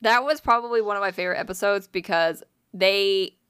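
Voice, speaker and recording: A woman talks animatedly on a casual podcast, piling up fillers and curse words as she retells a story. Her voice sits at an ordinary pitch and sounds dry and close, with no room echo. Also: a little fast, a bit bright, clean tone. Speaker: podcast co-host.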